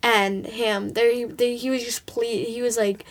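Slightly high-voiced woman chatting casually. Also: little pitch movement, unhurried. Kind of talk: casual chat.

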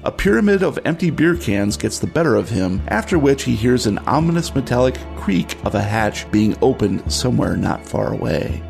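Gravelly, lively game master narrator. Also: male voice, mid-range voice, normal speed, few pauses, faint music behind. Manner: wry, theatrical storytelling. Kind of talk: dramatic narration of a horror tabletop game.

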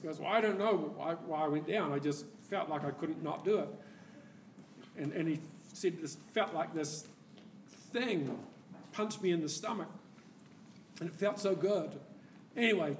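A man preaching a sermon, telling a story with lively laughter and acted-out quotes, heard from a distance in an echoey church hall. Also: fairly high pitch, a little hiss or hum. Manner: animated storyteller, laughs often, acts out quoted voices.

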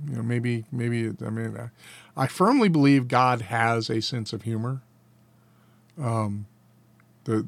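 A Bible teacher leads a catechism lesson, reading each answer and then adding casual, folksy commentary with a chuckle. His voice is medium-pitched with vocal fry, and the recording is dry.

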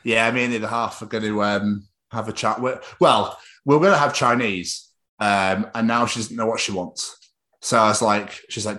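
A man's voice: on the low side, fairly even intonation, normal speed, sharp tone. A young man co-hosting a podcast, chatting casually with sweary, giggly banter. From Wales. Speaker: podcast co-host. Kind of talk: casual chat.

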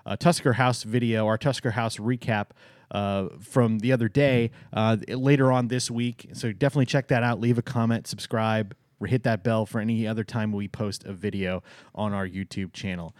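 A man's voice: on the low side, fairly even intonation, moderate pace, a little mellow, dry recording, studio quality. A young man co-hosting a podcast in casual chat, playful and jokey, running the sign-off promos. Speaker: podcast co-host.

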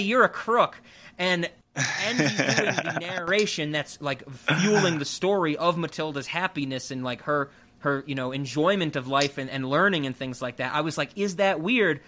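A man with a somewhat raised pitch chats casually about a film he loves. He rambles with many restarts and bursts of excitement. It sounds like an easygoing podcast conversation. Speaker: podcast co-host. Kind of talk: casual movie review chat.

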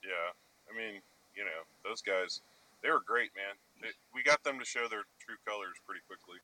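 A man co-hosting a podcast, bantering in a lively, joking way. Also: fairly low pitch, moderate pace, low-quality recording. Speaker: co-host. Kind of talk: casual banter.

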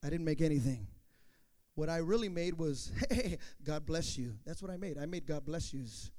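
A man who was once a youth pastor, telling a testimony story in an animated way, acting out the dialogue with playful asides. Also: a little high, normal speed.

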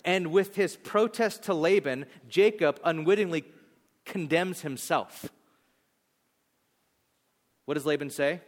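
A man's voice: fairly high pitch, slow, pauses often. A male pastor preaching a sermon, telling a story animatedly and acting out its lines in shifting voices. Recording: long hall reverb.

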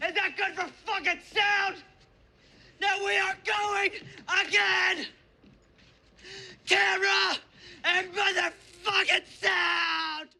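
An actor playing a furious film director who screams profane threats at his crew in a movie clip, his voice shrill and strained. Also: little pitch movement, slow pace, creaky, long pauses, full character voice. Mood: enraged. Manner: profane threats, shouted at the top of his lungs.

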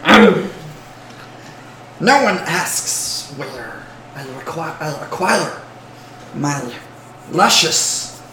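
A game master voicing a greedy male goblin cloth seller in a raspy, hissing creature voice, slow and obsessive. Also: mid-range voice, animated, reverberant. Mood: creepy.

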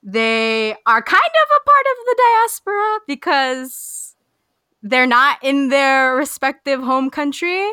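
A woman's voice: sits high, expressive, takes it slowly, pushed and bright, no room sound, studio quality. A young woman hosting a podcast, chatting in a bubbly way and saying "like" often. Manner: bubbly, heavy use of "like". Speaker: podcast host. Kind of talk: casual podcast chat.

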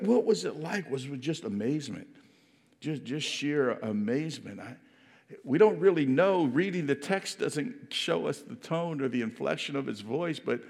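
Man preaching a sermon, kinda higher voice, earnest, lots of restarts, long echo like a big hall. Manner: earnest, reflective, with many restarts and repeated words.

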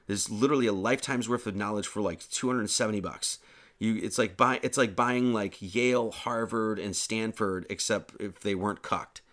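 Speaking at a moderate pace in a lowish, slightly bright voice, this man, a pastor and show host, gives the casual closing announcements of an online sermon. He jokes and rambles, full of fillers and restarts.

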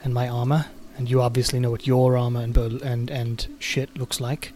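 A man's voice: medium pitch, little pitch movement, normal speed, darkish tone, slight background noise. A man narrating as game master in a casual, rambling way, laughing often.

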